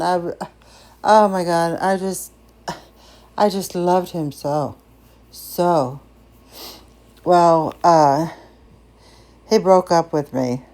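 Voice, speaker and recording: A low, mellow older woman tells a story from her own life in a loose, chatty way. She is emotive and restarts her sentences often. Her voice sits on the lower side, warm rather than bright. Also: drawn-out words, long pauses. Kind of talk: casual personal storytelling.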